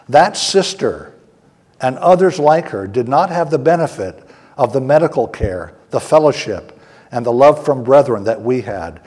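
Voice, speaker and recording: A man preaching a sermon, earnest and deliberate, slowing down to stress key words. His voice is somewhat husky. A long hall reverb trails behind him. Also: mid-range voice, a little mellow. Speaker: pastor.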